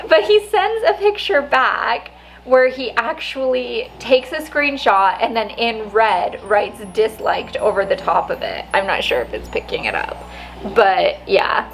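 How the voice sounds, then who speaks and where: Woman vlogger, casual storytelling, laughs a lot, fairly high-pitched, faint noise behind. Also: rough recording. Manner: chatty, laughs often, lots of "like".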